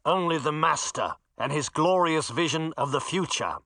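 A man's voice: fairly high pitch, normal speed, vocal fry, sharp tone, dry recording, clean studio sound, heavily acted. A man voicing a menacing male villain knight who speaks with a muffled growl from behind a helmet. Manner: growled threats.

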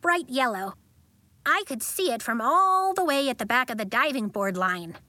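A woman reading the lines of an odd, earnest schoolboy who speaks in a deadpan, matter-of-fact way. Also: high voice, normal speed, dry recording.

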